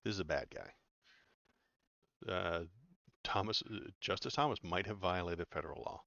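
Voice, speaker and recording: Gravelly low-voiced man, sarcastic news commentary. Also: moderate pace, pushed and bright, dry recording, muffled recording. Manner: sarcastic, rambling, many "uh" fillers. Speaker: political commentary streamer. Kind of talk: casual commentary reading news aloud.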